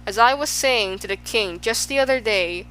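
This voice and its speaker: A woman's voice: on the high side, moderate pace, fairly bright tone, faint music behind, lightly acted, poor audio. A woman voicing a pompous, boastful male humbug in a storybook, speaking in a blustering, grandiose way.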